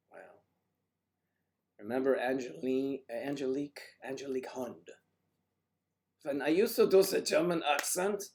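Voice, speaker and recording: Husky older man with a cold. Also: medium pitch, a little mellow. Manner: rambling and joking, talks to chat. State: has a cold. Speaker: livestream host. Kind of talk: casual livestream chat.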